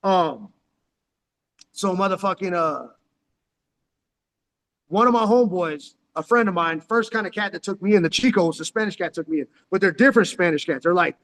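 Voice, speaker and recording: A vlogger from San Diego, California rambles through street stories about his life into his phone, full of profane slang and constantly calling the listener "dog." His voice is raised in pitch and a bit bright. Long hall reverb fills the space.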